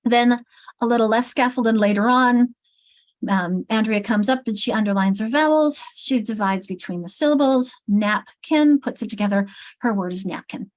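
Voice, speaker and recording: A woman's voice: on the high side, normal speed. A middle-aged woman leading a teacher training session, thinking aloud and correcting herself as she writes on the board. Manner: thinks aloud while writing, self-correcting. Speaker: literacy trainer.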